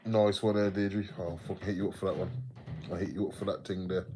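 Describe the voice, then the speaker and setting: A man's voice: sits low, little pitch movement, fast, mellow. A man with an English Midlands accent, rambling casually on a livestream, swearing freely and reading out viewer comments. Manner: chatty and rambling, sweary, laughs often, reads out viewer comments. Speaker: livestream host.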